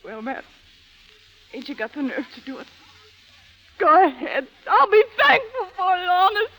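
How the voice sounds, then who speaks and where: A woman's voice: extremely high pitch, sing-song, a little slow, a bit bright, full character voice, rough recording. A bitter, defiant young woman. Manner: slangy, tough street talk. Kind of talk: 1930s radio drama acting.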